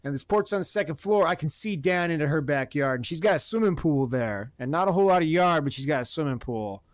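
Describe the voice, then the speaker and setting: A man telling a long profane story about his neighbor in casual podcast chat, animated and blunt. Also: fairly high pitch, fast, dry recording, studio quality. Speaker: podcast host. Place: Oregon.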